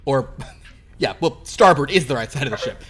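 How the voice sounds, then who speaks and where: A man's voice: medium pitch, expressive, moderate pace, a bit bright. A man narrating as game master of a tabletop role-playing game, rambling with many fillers. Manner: rambling, full of ums and uhs, chuckling.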